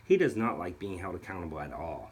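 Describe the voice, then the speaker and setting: A man's voice: sits low, very animated, fast talker, husky. A man narrating a video in an accusatory, sarcastic tone. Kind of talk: scripted narration.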